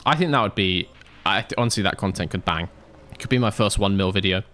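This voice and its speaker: A man with a lowish voice and a fast, bright, forceful tone chats casually on a live stream while playing a racing management game. He jokes with chat, reads messages aloud and laughs often into a desk microphone with a pop filter.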